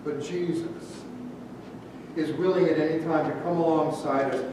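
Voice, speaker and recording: A male pastor with a high, steady voice gives a sermon, pausing on rhetorical questions, slowing to stress key words, and dropping to a hush. It's recorded on a distant mic in a very echoey church sanctuary, with a faint rumble underneath.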